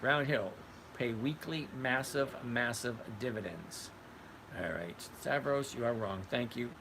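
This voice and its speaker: An older retired man hosts a casual trading livestream, reading live chat and answering viewers by name bluntly and conversationally. His medium-pitched voice is unhurried with vocal fry, and the background is noisy.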